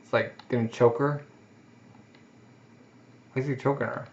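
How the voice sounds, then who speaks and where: A man's voice: mid-range voice, steady tone, moderate pace, vocal fry. A man casually reading a comic aloud and commenting on the panels with lots of fillers, in a muffled lo-fi recording. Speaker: comic reader.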